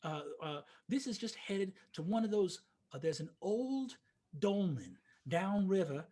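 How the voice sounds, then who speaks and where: A man's voice: high-pitched, animated, unhurried, dark tone. A man doing a kindly farm wife with a twang. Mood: hospitable. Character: kind farmer's wife, cagey.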